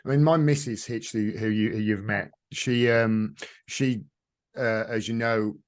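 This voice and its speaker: A man's voice: fairly low pitch, fairly even intonation, measured pace. Enthusiastic man hosting a casual chat. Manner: enthusiastic, repeats and restarts words. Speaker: host.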